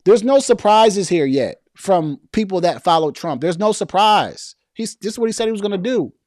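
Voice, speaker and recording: A man's voice: high voice, expressive, moderate pace, darkish tone, dry recording, clean studio sound. A man hosting a casual political commentary stream, reading viewer comments and talking loosely with slang, frequent restarts and repeated words.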